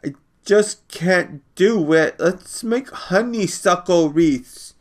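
A man's voice: high-pitched, voice pushed up. Man doing a frail, pleading little boy. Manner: slow, soft, wondering.

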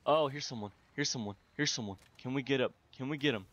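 A man commentating his own shooter gameplay, swearing and yelling outbursts at opponents. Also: medium pitch, fast talker, dull audio. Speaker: gaming video host.

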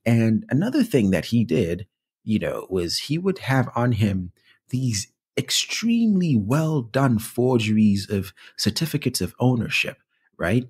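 Male co-host, casual history chat, husky voice with lots of up and down. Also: mid-range voice, big pitch swings, a little slow, a little mellow. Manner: rambling, many fillers, laughs easily. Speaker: podcast co-host.

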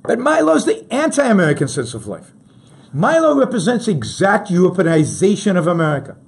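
A man hosts a political talk show and delivers emphatic commentary straight to his audience. His voice sits high and a little husky, and his pitch swings widely as he pushes each point, often stopping to restart a sentence. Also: huge pitch swings, fairly quick. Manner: emphatic, addresses listeners directly, many restarts.

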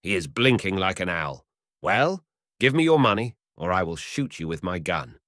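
A man's voice: sits low, very animated, normal speed, fairly bright tone, no echo, clean studio sound. A man voicing an angry young male hunter who scolds and threatens. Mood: threatening.

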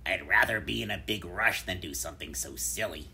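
A man voicing a hurried, dismissive fox in a curt, lower voice. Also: vocal fry, bright, forceful tone, heavily acted. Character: hasty, dismissive male fox.

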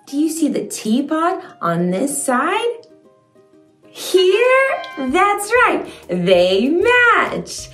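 Young woman teaching toddlers, slow and sing-songy, big praise, echoey room w/ soft music. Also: high-pitched, wildly swooping pitch, distant mic. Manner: encouraging, exaggerated praise. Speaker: children's video host.

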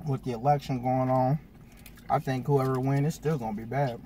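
A man's voice: mid-range voice, steady tone, normal speed, mellow, slight background noise. A man hosting a casual food review mukbang, talking in slangy, hyped greetings to his viewers.

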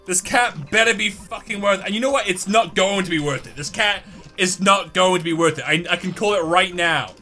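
A young man giving commentary on a mobile game, swinging from low muttering to frustrated yelling. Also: brisk, soft background music. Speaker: gaming YouTuber.

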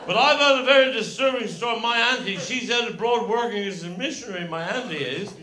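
A man's voice: sits high, fairly quick, sharp tone. An older man with a Cornish accent telling a long rambling comic story on stage, repeating his phrases in broad dialect. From Cornwall, England. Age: 70s. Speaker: stand-up comedian. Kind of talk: rambling live stand-up storytelling. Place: live venue with audience laughter. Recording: echoey live room, noisy. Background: audience laughter.

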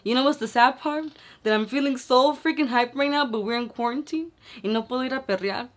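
A young woman talking excitedly at home in a casual makeup vlog, now and then slipping into Spanish. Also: sits high, fairly quick. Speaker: beauty vlogger. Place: her home.

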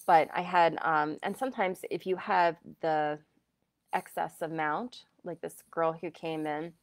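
Chatty low-voiced woman telling a story. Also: measured pace, no echo. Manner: chatty, animated, many fillers and quoted asides. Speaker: energy healer and medium. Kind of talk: casual live-stream storytelling.

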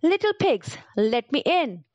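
A woman's voice: sits high, very animated, takes it slowly, a little mellow, no echo, exaggerated voice. A woman voicing a hungry big bad male wolf in a children's story, talking in a demanding, sing-song way. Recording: dull lo-fi recording.

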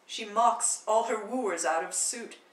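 A woman's voice: medium pitch, takes it slowly, echoey room, recorded from a distance, close to an everyday voice, low-quality recording. A woman voicing an older nobleman, a proud and fond father, talking in a chatty fatherly way in a play reading.

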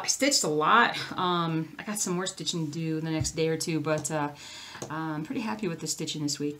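A woman hosting her own crafting channel, talking casually and a little scattered to the camera. She wanders off topic and circles back. Her voice sits slightly low for a woman. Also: fairly bright tone. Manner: rambling, easily sidetracked, chatty. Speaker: cross-stitch channel host.

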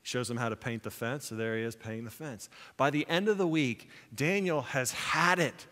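A man preaching a sermon as pastor, telling a movie story with animated quoted lines before turning it into a spiritual point. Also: mid-range voice, moderate pace, long reverb tail. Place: church sanctuary.

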